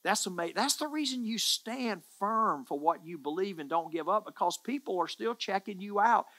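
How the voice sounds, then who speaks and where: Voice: medium pitch, expressive, normal speed, a bit bright. A pastor preaching a sermon in an earnest, emphatic way, often repeating phrases for stress.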